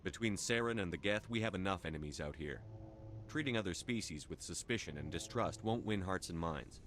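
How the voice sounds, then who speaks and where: An actor voicing a calm, earnest starship commander in a video game, measured in delivery. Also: male voice, sits low, a little hiss or hum.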